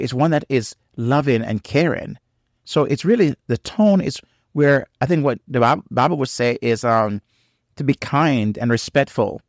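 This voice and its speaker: A man's voice: medium pitch, dry recording, studio quality. A married man giving faith-based marriage teaching in an earnest, repetitive way, full of "um" and "you know", with preacher-like emphasis on key phrases. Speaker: podcast co-host on marriage.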